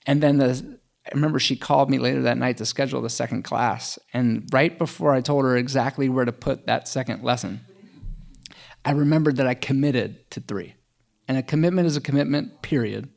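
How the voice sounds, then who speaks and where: A man's voice: mid-range voice, a little fast, gravelly, darkish tone. A middle-aged man telling a personal story in casual conversation, chatty with lots of fillers and self-mocking humor.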